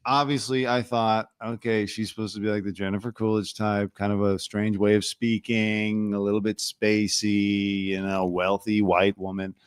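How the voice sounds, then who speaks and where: A man hosts a casual reaction podcast with a somewhat low voice. He talks in a relaxed, conversational way and steers the topics, recorded dry and close with no room around it. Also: normal speed, few pauses, smooth, no echo. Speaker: podcast host.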